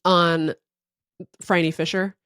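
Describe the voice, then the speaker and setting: A woman's voice: lowish voice, little pitch movement, extremely slow, a bit bright, smooth, no echo, studio quality. A woman co-hosting a podcast in wry, casual chat, laughing often. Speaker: podcast co-host.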